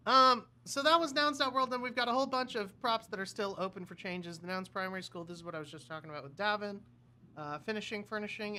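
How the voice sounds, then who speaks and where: A man's voice: fairly high pitch, a little hiss or hum. A man co-hosting a livestream, chatting casually and laughing often. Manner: animated, laughs often, tries cartoon voice impressions. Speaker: livestream co-host. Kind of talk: casual chat.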